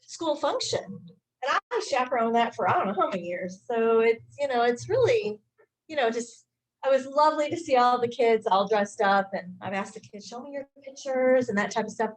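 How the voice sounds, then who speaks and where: A middle-aged woman, a high school staff member, giving an informal, halting talk to a club meeting, with many fillers and restarts. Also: lively intonation, poor audio.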